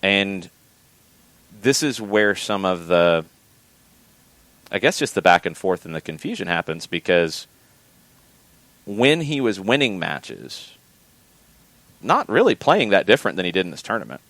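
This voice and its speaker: Deep-voiced man talking soccer, dry. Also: big pitch swings, fairly bright tone, dry recording. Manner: measured, repeats phrases while thinking. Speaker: soccer podcast host. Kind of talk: casual podcast commentary.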